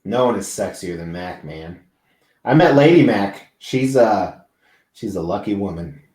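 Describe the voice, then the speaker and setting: A man's voice: lowish voice, animated, a little slow, darkish tone, reverberant. A man hosting a live stream, chatting casually and rambling, swearing freely as he talks to viewers. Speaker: livestream host. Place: large indoor convention venue.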